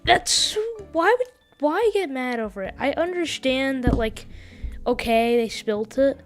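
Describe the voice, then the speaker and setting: A woman's voice: high voice, expressive, measured pace, faint music behind. A woman hosting a stream, chatting casually and commenting over a video she is watching. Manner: chatty, talks over the clip. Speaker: stream host reacting to a video.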